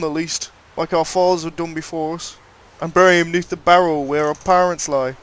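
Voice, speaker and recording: A man's voice: high-pitched, natural voice. A man reading a notice aloud as an earnest villager in old-fashioned, archaic speech.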